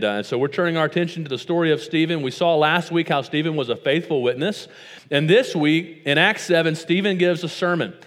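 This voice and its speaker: A man's voice: fairly high pitch, long reverb tail. A man in his thirties with a West Tennessee accent, preaching a sermon with stories and rhetorical questions that build to emphatic points. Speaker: pastor.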